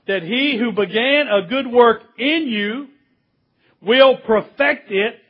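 A man preaching a sermon, emphatic, stretching key words and rising to near shouts at points of stress. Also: extremely high pitch, takes it slowly, husky. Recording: dull lo-fi sound.

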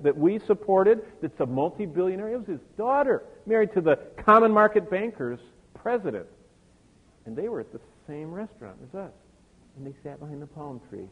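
A man's voice: medium pitch, breathy edge. An older man preaching a sermon, telling a personal story to his congregation with many asides. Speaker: pastor. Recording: tinny phone-like sound with long hall reverb.

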